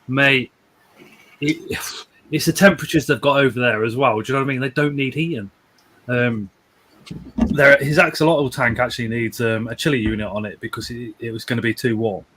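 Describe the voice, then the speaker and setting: A man's voice: mid-range voice, brisk, a bit bright, slight background noise. A man hosting a casual live stream from home, rambling, repeating words and chuckling as he reads out viewer comments.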